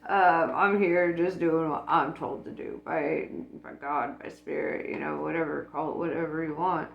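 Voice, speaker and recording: A woman's voice: deep voice, steady tone, moderate pace, creaky, highs cut off, a little hiss or hum. A woman talking casually about spirituality, blunt and profane, laughing often. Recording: echoey room with faint music.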